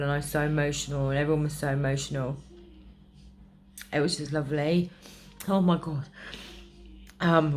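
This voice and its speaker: Very low-voiced gushing woman vlogger. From England. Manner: gushing, emotional, chatty with many ums. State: recovering from illness. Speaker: craft vlogger. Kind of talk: casual chat to camera.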